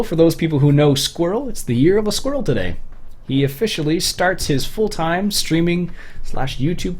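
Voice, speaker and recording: Young Canadian male streamer, loose rambling chat, lively pitch, middle register. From Ontario, Canada. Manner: rambling, chatty, many fillers and restarts. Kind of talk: casual livestream commentary.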